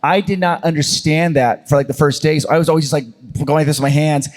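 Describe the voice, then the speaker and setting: A man hosting a convention panel, telling stories in a chatty, animated way. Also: a little high, fast. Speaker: panel host and channel creator. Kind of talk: casual storytelling on a convention panel.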